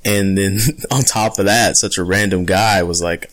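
Deep-voiced enthusiastic podcast host. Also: male voice, fairly even intonation, moderate pace, fairly bright tone. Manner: enthusiastic, laughing. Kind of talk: casual podcast chat.

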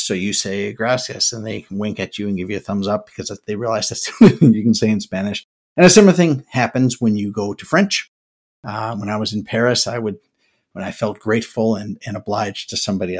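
This is a podcast host, an older man whose fairly low voice has a slight roughness. Talking casually on his own, he thinks aloud in a musing way and frequently starts his sentences over.

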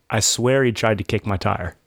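A man's voice: fairly low pitch, creaky, no room sound. Thirty-ish guy telling a story on a podcast, acts out the quotes, laughs a lot, dry sound. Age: 30s. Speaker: podcast host. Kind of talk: casual storytelling chat.

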